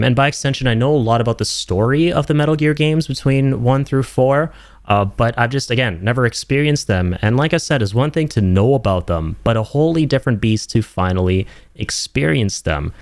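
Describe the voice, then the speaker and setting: A man's voice: mid-range voice, no room sound, studio quality. A young man giving an enthusiastic, emphatic video game review in casual, slangy talk.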